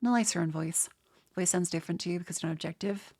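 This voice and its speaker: A young Australian streamer with a cold talks to her viewers in a rambling, stuttering way, often starting over. Her nasal voice is fairly low, dark-toned and husky, and she speaks fast.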